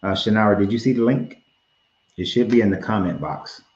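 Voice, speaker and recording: Male stream host, very low voice, calm and advising, roomy lo-fi sound. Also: fairly quick. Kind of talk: live-stream talk. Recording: roomy, dull lo-fi stream audio.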